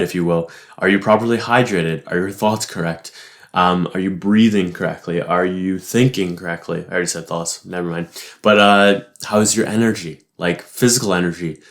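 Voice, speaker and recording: A young man talking casually in a reflective monologue, rambling, swearing often and laughing easily. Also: deep voice. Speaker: vlogger.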